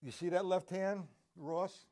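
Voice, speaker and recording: A man's voice: high voice, fairly even intonation, a little slow. A man teaching a live drum lesson, rambling between points and counting beats aloud as he plays.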